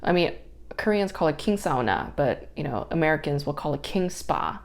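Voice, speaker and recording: A woman's voice: sits low, normal speed, creaky. A young woman hosting a podcast, telling a story casually with lots of swearing and exasperated ranting. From New York area. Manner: profane, exasperated, animated ranting. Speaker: podcast host.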